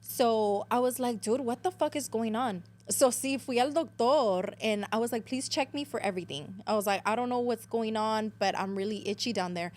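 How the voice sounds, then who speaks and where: A woman's voice: on the high side, normal speed, hardly any pauses. A woman in her twenties, a podcast guest, telling a story in casual chat, switching between English and Spanish, swearing freely and acting out quotes.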